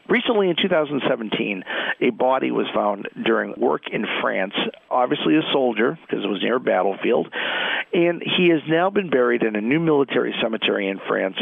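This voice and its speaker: A gravelly-voiced man tells news stories in a chatty way, his pitch rising and falling a lot. He comes through a thin, phone-like line. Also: no echo. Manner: chatty storyteller. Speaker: genealogist, regular guest. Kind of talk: radio news segment chat.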